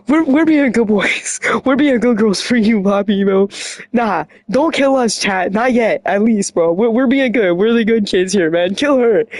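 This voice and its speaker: Animated slangy streamer woman. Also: medium pitch, no room sound. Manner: animated slangy rant, full of "bro" and "like"; often clears throat. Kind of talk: casual chat.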